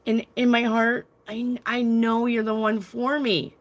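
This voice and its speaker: A woman's voice: fairly high pitch, measured pace, creaky. Emphatic woman lecturing with conviction. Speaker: tarot reader and podcast host. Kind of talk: casual talk to viewers.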